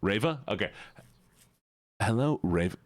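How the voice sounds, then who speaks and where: A man's voice: fairly low pitch, lively intonation, a little slow, no echo. A man streaming live, playfully greeting his chat one by one with sing-song hellos. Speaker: livestreamer. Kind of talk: casual livestream chat.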